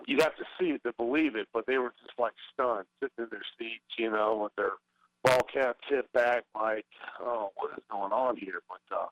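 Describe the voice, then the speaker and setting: A man's voice: mid-range voice, moderate pace, no echo, highs cut off. A middle-aged man, a former baseball player, talking as a guest in a casual interview, hesitant with many fillers and restarts.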